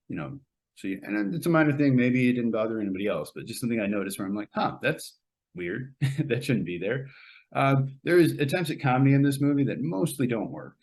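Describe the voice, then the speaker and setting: Middle-aged male podcast host, mid-pitched, casual rambling reviewer, lots of fillers and restarts. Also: a little mellow. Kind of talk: casual spoken film review.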